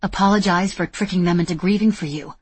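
A woman's voice: on the low side, fast, slightly rough. A woman voicing a determined young woman under fire, speaking tersely and urgently. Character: tense determined young woman time traveler.

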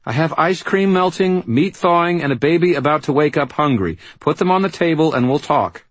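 A man voicing a brisk, commanding mother who gives clipped orders. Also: on the high side, animated, no echo, voice pushed up. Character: stern, brisk mother, tall and commanding woman.

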